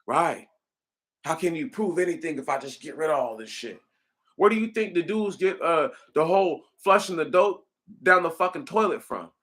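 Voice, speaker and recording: A man delivering a casual, rambling monologue, animated and profane, speaking straight to his listeners. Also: a little high, moderate pace. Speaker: commentator.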